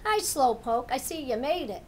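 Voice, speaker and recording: A woman's voice: high-pitched, very animated, moderate pace, a little hiss or hum. A woman voicing a friendly, curious big fuzzy orange cat in a storybook reading, with an eager, chatty manner.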